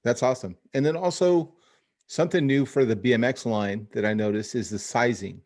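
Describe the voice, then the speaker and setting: A man hosting a relaxed podcast conversation, talking in loose, rambling sentences with frequent restarts. He keeps an easy, friendly chat going with his guest. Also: mid-range voice, brisk. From Phoenix area, US. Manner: rambling, many restarts, says dude and bro. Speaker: podcast host. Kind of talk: casual chat over video call.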